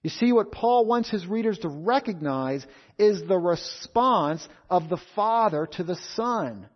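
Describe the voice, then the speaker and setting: Male preacher, high-pitched, deliberate emphatic delivery; muffled lo-fi recording. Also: expressive. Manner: measured, emphatic, repeats key phrases. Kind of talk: expository sermon. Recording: dull lo-fi sound.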